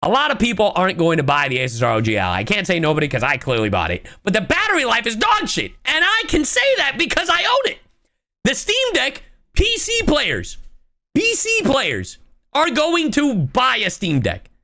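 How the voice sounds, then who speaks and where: Young woman streamer, wildly swinging pitch. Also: huge pitch swings, sharp tone. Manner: exasperated, swearing, rapid-fire ranting; reads viewer chat and thanks subscribers. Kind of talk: ranting live-stream reaction.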